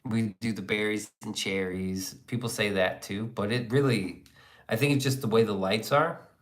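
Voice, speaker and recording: A man's voice: on the low side, steady tone, moderate pace. A man hosting a livestream, chatting casually, reading viewer comments and joking crudely. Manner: crude, joking, rambling banter. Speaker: livestream host.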